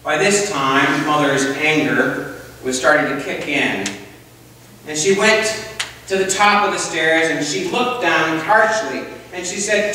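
A man's voice: a little high, slow pace, pushed and bright, slight background noise. A male pastor preaching a sermon in church, telling a story and putting questions to the congregation. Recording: echoey church hall, distant mic.

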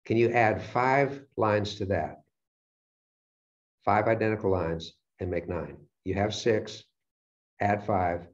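Brief: low-voiced male lecturer, animated storyteller, dull lo-fi recording. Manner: animated storyteller acting out his own reactions. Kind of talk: motivational lecture. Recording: dull lo-fi sound.

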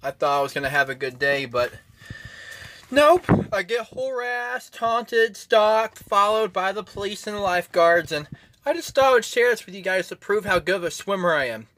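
A man's voice: high voice, lively intonation, normal speed, pushed and bright, a little hiss or hum. A man in his twenties from Florida, angrily ranting to a phone camera in a repetitive, swearing manner. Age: 20s. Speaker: vlogger. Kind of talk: angry personal rant to camera.

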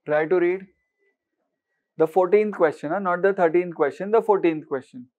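A man's voice: high-pitched, normal speed, narrow, tinny audio. A man with an Indian English accent giving an exam-prep lecture, often asking students questions and slipping in Hindi words. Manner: questioning, mixes Hindi words, repeats for emphasis.

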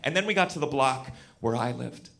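A man in his thirties doing a stand-up comedy set, animated and shouting punchlines. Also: medium pitch, a little fast, gravelly. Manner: animated, shouts punchlines, acts out quoted voices. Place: comedy club stage with live audience. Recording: loud audience noise and laughter.

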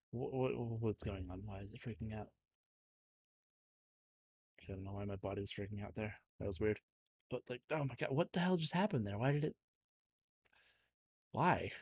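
A young man streaming a game live, exasperated and swearing as he reacts loudly to each attack. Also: lowish voice, creaky, slightly rough, dry recording. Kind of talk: live gameplay commentary.

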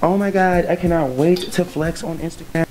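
A man's voice: fairly high pitch, fairly even intonation, normal speed, over music, pitched above the performer's own voice, lightly acted. A man voicing a giddy, spoiled young woman on her birthday, gushing in a raised voice.

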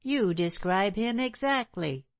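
A woman's voice: medium pitch, animated, slow, no room sound. A woman reading a stubborn old-time landlady. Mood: puzzled. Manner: insistent, sharp-tongued. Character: stubborn, indignant London landlady, middle-aged woman.

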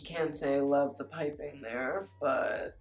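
A woman's voice: deep voice, slow, a little mellow, echoey room, faint music behind. A woman giving a casual fashion review, chatty and blunt, full of "like" and "you know". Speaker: fashion commentator.

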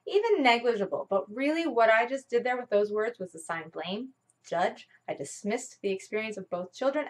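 Earnest woman teaching parents. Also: mid-range voice. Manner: earnest, explanatory, asks rhetorical questions. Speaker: parenting coach. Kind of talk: teaching talk to viewers.

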